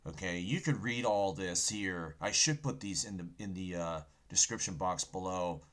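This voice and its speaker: Speaking at a moderate pace in a deep, somewhat bright voice, this man runs a laid-back computer livestream. Keyboard typing sounds behind him as he addresses viewers as folks, peppers his talk with "okay," and drives home Bible points in a preachy, meandering fashion.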